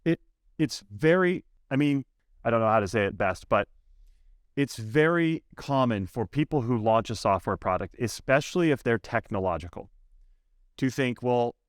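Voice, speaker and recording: A male sales coach talks in a podcast interview, emphatic and animated as he tells his stories. His voice sits at an ordinary middle pitch. The sound is close and dry, with no room around it. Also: normal speed, no echo. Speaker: software sales coach, guest.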